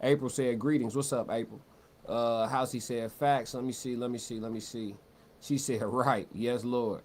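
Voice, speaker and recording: A man's voice: medium pitch, fairly even intonation, normal speed, darkish tone, slight background noise. Slangy male livestream commentator, talks loose. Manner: loose, conversational, repeats words and restarts, slangy. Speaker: livestream host. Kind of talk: live-stream commentary, reading chat.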